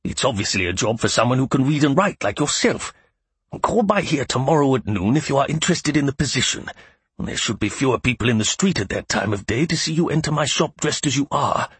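A gruff, businesslike shopkeeper, as a male narrator puts him on, clipped and matter-of-fact. The voice is gravelly and husky, read close and dry for a storybook. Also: medium pitch, big pitch swings, normal speed, dry recording, full character voice.

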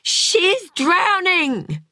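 A grumpy older widower from a storybook reading, as a woman puts him on. He sounds gruff and dropped low, with a bright, forceful edge. The recording is dry and close. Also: a little slow, no echo, recorded from a distance. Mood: panicked yelling. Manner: gruff and low when calm, yelling in panic.

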